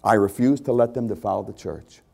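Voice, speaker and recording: Gravelly-voiced male pastor preaching. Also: on the low side, a little fast, dark tone. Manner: conversational preaching, repeating phrases for emphasis. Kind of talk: sermon.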